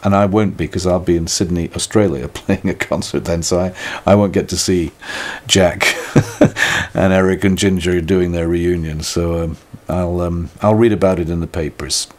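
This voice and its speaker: An older British musician answers interview questions in a low-pitched, steady voice at a moderate pace. The talk is reflective and conversational, and he comes across as wry and self-deprecating, often restarting what he says.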